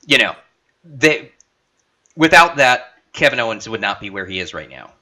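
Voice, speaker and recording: A man co-hosting a casual podcast, talking excitedly in quick bursts. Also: mid-range voice. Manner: excitable, talks in bursts with restarts. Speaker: podcast co-host. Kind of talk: casual wrestling chat.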